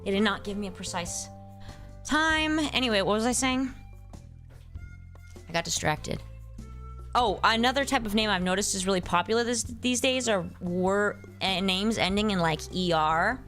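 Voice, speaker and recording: A woman's voice: mid-range voice, normal speed, a bit bright, soft background music. A young woman streaming a game, chatting casually, getting distracted, and answering her chat by name. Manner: playful, hums nonsense sounds while playing. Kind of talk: casual live-stream chat while gaming.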